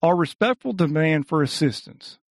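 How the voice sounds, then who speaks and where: Suave male thief orator, read by a man, polite, measured, dry sound. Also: fairly high pitch, expressive, no room sound. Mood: courteous. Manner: elegant, courteous, measured speech. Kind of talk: audiobook reading.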